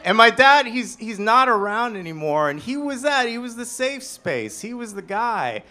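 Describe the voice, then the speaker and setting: A man in his thirties telling a self-deprecating story on stage, animated and swinging between loud and hushed. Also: very high voice, moderate pace. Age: 30s. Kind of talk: live storytelling performance.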